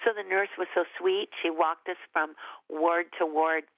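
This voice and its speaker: A woman's voice: on the low side, steady tone, dry recording. Woman sharing her testimony on a tinny phone line, earnest, stumbles and restarts, dry sound. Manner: earnest, emotional, with halting restarts. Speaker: ministry leader and guest. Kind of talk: personal testimony storytelling. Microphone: phone call.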